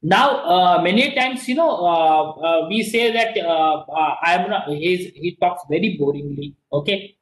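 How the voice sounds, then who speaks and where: A man's voice: sits high, unhurried, hardly any pauses, roomy sound, low-quality recording. A man with an Indian accent giving a classroom lecture, repeating himself and often asking "okay?", switching between English and Hindi. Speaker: teacher.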